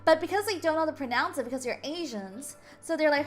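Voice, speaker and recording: A young woman streamer reading game dialogue aloud between chatty, animated stories, often stumbling over words and laughing. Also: high-pitched, fast talker, soft background music. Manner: animated storytelling.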